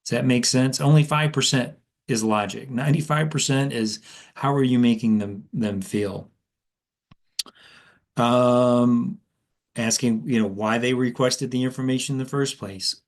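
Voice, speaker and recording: A man talks through sales tips as if coaching a room of new agents. His voice sits at an ordinary middle pitch and moves up and down with enthusiasm. The delivery is casual and unscripted, full of small restarts. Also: measured pace. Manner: conversational with fillers and restarts, animated inflection. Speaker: sales trainer.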